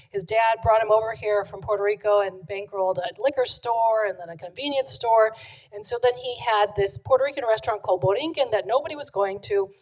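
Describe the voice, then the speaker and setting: Animated woman author, slightly high voice, acting out quotes at a live book event. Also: rough recording. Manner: chatty and animated, acts out quotes. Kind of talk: live book talk to an audience. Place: event room with an audience.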